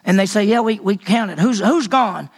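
A man's voice: high-pitched, moderate pace. A man teaching a Bible lesson as a sermon, telling the story with animation and acting out the characters' voices.

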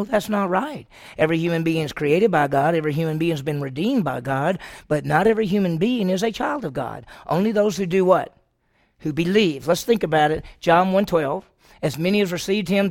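A man's voice: high-pitched, vocal fry, no room sound, studio quality. A middle-aged male pastor preaching a sermon, asking his congregation questions and answering them himself, acting out quoted voices.

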